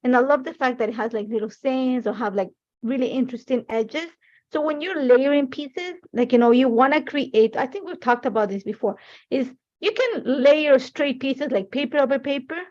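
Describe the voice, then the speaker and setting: A woman in her forties hosts a craft livestream, guiding viewers through a scrapbooking project in a chatty, meandering way and scattering "like, you know" everywhere. Her voice is a bit high for a woman with a darkish tone, and she talks at a normal speed. The livestream audio is dull and lo-fi.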